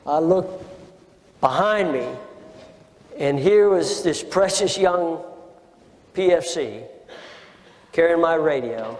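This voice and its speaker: An older man recounts his time as a Marine officer in a slow, deliberate oral-history telling, leaning hard on his words and circling back to repeat them. His voice sits a little high for a man. It rings with a long reverb over a faint bed of ambient noise. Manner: slow, deliberate, emphatic retelling with repetitions.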